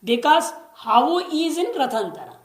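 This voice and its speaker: A woman teaching scripture, explaining patiently, repeating key words and slowly chanting Sanskrit lines. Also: high-pitched, sing-song, roomy sound. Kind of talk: lecture on scripture.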